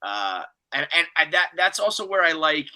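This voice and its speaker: A man in casual podcast chat recapping a show, riffing profanely and jumping into quick impressions. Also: on the high side, big pitch swings, sharp tone. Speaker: podcast co-host.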